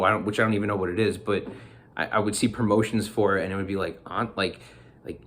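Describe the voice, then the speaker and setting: Man vlogger, fairly low voice, rambly and excitable, laughs a lot, casual chat to camera. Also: quick pace. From New Jersey, US.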